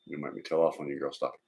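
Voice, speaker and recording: A man's voice: a bass voice, a little mellow, breathy edge. A man, casually chatting and teasing as a live stream co-host. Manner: joking, teasing, rambling, laughs often.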